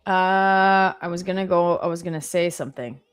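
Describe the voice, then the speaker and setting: Chatty woman streamer, low voice. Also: clear, resonant tone, soft background music. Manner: chatty and animated, quick exclamations and asides. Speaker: live stream host. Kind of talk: casual live-stream chat, reading viewer comments. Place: office.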